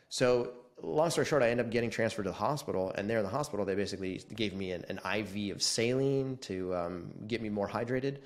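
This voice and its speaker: Lively low-voiced man telling a story. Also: fast talker. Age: 40s. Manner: animated, acts out quoted dialogue. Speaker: podcast guest. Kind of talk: casual storytelling interview.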